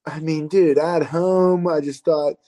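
A man's voice: fairly high pitch, fairly even intonation, unhurried, mellow, no echo. A man from the Pittsburgh area, a guest on a sports podcast, laid-back and joking. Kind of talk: casual sports chat.

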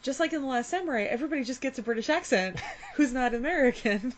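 A woman's voice: high-pitched, lively intonation, fast. A woman co-hosting a casual movie podcast, bubbly and teasing, laughing often. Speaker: podcast co-host.

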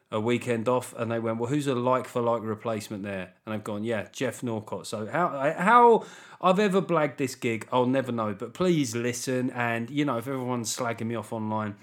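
Sweary Southern English comic podcaster. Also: male voice, mid-range voice. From England. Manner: swears freely, riffs with mock voices. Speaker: podcast host. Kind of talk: solo comedy podcast chat.

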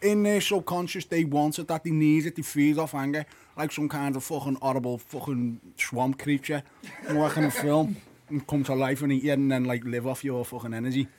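A man's voice: on the high side, fairly even intonation, normal speed, a little mellow, slight background noise. A man, a football podcast co-host telling sweary, laughing stories in casual chat.

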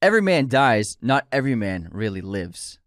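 A man's voice: medium pitch, very animated, normal speed, a bit bright, no echo, studio quality. A man co-hosting a movie podcast, joking around and reading a sponsor spot. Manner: joking, reads sponsor spots. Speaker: podcast co-host. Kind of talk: casual chat with ad read.

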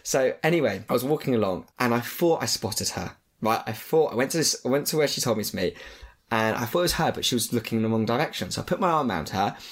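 Guy in his 20s, animated storyteller, lively pitch. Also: quick pace. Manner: animated, chatty anecdotes with acted-out quotes. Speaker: podcast guest. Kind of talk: casual chat, storytelling.

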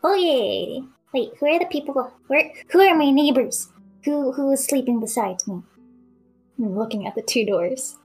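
A woman's voice: high-pitched, lively intonation, moderate pace, darkish tone, slightly rough, soft background music. A woman playing a tabletop game, speaking casually and playfully in character. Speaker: player.

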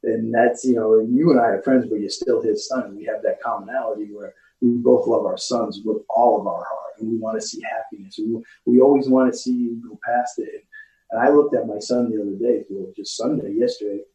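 A middle-aged man telling stories in casual chat, slipping into quick put-on voices and laughing as he goes. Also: lowish voice, fairly even intonation, mellow. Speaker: podcast guest. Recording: roomy, distant, muffled recording.

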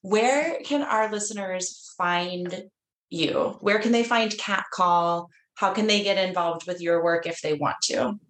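A woman's voice: on the low side, measured pace, echoey room. A woman co-hosting a podcast, thanking her guests and wrapping up the interview in a casual, grateful way with frequent laughter. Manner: warm, grateful, laughs often. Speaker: podcast co-host.

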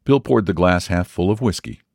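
A man reading a story aloud as narrator, measured and expressive. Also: low-pitched, gravelly, no room sound, studio quality. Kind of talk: audiobook reading.

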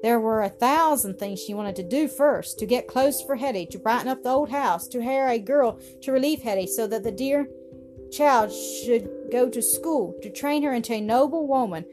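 Lady reading a bedtime story, kinda high voice, music playing under it. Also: normal speed. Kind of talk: scripted narration of a classic story.

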